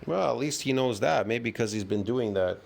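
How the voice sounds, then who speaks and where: A man's voice: mid-range voice, lively intonation, normal speed, vocal fry, very noisy. A man giving sarcastic, mocking reaction commentary.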